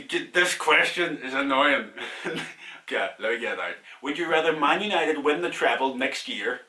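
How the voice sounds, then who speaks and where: A man's voice: mid-range voice, sharp tone, reverberant, far from the mic. A young Irish man casually answering viewer questions in a vlog, candid and chatty, laughing at himself.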